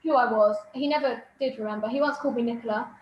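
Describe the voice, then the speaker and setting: A woman's voice: on the high side, fast talker, muffled recording, a little hiss or hum. A young woman, fondly sharing memories of her grandfather in a casual chat. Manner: gentle, fond storytelling. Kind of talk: casual reminiscing. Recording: echoey room.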